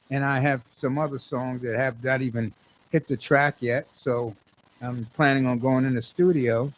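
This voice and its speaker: Through a low-quality recording comes a medium-pitched man, a singer-songwriter, rambling through a story in casual monologue. He keeps starting over and repeating himself, acting out his own words as he quotes them.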